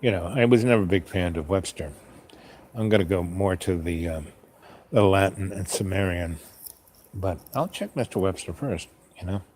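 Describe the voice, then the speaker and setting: A man with a lowish voice rambles through a casual solo talk as host. He drifts from point to point and muses aloud with plenty of restarts. Faint noise sits under him. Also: moderate pace, darkish tone. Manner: meandering, musing, asks himself questions.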